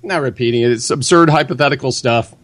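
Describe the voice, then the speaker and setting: A man's voice: mid-range voice, fast, a bit bright. A man arguing as a guest in a heated debate, combative and dismissive.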